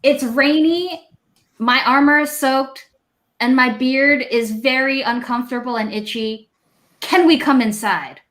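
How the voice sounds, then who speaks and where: Woman doing a big loud burly dwarf guy in a tabletop game, gruff, kinda high. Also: fairly even intonation, measured pace. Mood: grumbling.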